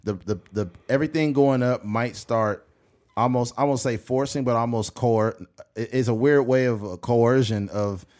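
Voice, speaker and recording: Podcast guy swearing a lot, just telling stories, middle pitch. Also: moderate pace, darkish tone. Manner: profane, storytelling. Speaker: podcast host. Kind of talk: casual chat.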